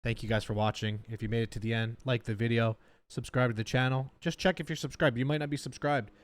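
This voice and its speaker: A man's voice: mid-range voice, steady tone, quick pace. A man hosting a reaction video, talking bluntly and heatedly straight to his viewers in a casual way.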